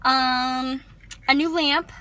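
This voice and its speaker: A young woman vlogging casually, chatty and animated, swearing freely as she tells stories. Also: high voice, very slow, poor audio. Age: young adult. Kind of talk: casual vlog chat.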